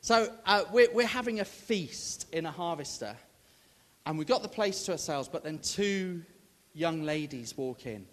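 Minister, animated storyteller who acts out the dialogue, gets the room calling out answers, a voice that swings a lot. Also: male voice, a little high, unhurried. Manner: rallies the audience to call out answers. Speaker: Baptist minister. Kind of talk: storytelling sermon to a congregation.

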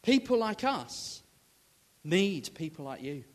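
A man's voice: high-pitched, sing-song, slow, big-room sound, exaggerated voice. A man voicing an older waitress who has grandchildren and is moved, retold within his sermon. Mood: earnest.

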